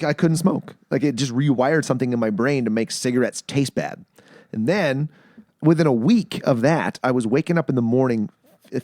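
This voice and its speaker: In clean, echo-free studio sound, a man from Canada hosts a podcast and chats casually. He swears through long stories and performs the quoted voices of others. His medium-pitched voice is a little mellow.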